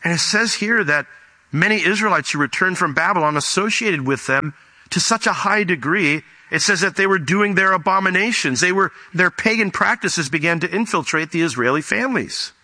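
Male pastor, sermon, scripture reading, very bright tone, higher voice, animated emphasis. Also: normal speed. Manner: animated, rises sharply in pitch for emphasis.

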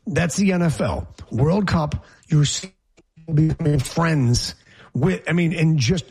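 A man's voice: on the high side, a little slow, a little mellow, breathy edge, faint music behind. A man hosting a sports talk show, opinionated and rambling as he jokes through the banter.

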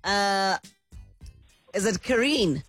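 Bubbly, animated woman radio host. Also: medium pitch, slow, faint music behind. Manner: bubbly, effusive, exclaims a lot. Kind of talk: live radio chat with callers.

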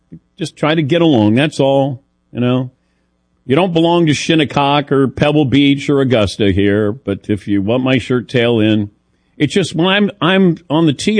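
A man's voice: medium pitch, dry recording. A man hosting a sports talk show, telling stories in a chatty, self-deprecating way. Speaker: radio show host.

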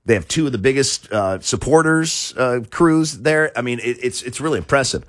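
A man's voice: mid-range voice, animated, normal speed, dry recording, clean studio sound. A man hosting a talk show, chatting casually in a rambling way with many restarts and chuckles. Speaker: show host.

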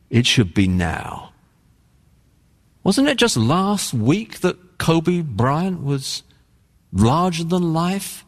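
An earnest male pastor delivering a sermon with lively, swooping pitch and dramatic pauses. His voice rings out with a long reverb, as if recorded in a large church sanctuary. He presses his points emphatically, slowing down and speeding up.

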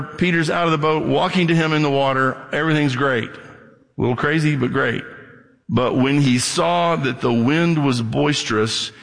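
A male pastor with a gravelly, rough-edged voice preaches in a loose, conversational way, slipping into the voices of the people in the story. His words ring out with a long reverb in a church sanctuary. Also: medium pitch. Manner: conversational preaching, acts out Bible scenes. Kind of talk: sermon.

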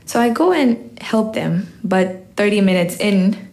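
Slow-paced teenage girl storyteller. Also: medium pitch, lively intonation, creaky, a little mellow. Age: teens. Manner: slow, reflective, unhurried. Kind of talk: personal story told on stage.

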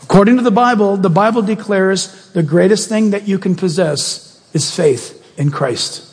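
A male pastor preaching a sermon in an animated, jokey way, often asking the congregation questions. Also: high voice, moderate pace, slightly rough, long reverb tail.

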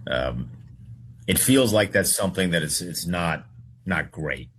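A man in his thirties with a very deep, husky voice, sharing a relaxed story as co-host. He thinks aloud with pauses before he picks up speed and gets into it. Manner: thinks aloud, hesitant then animated. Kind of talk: casual storytelling banter.

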